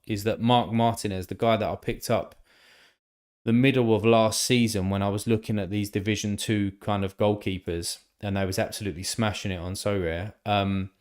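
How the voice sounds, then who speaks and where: A man chatting casually on a live stream, rambling and thinking aloud with lots of fillers and the odd swear word. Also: on the low side.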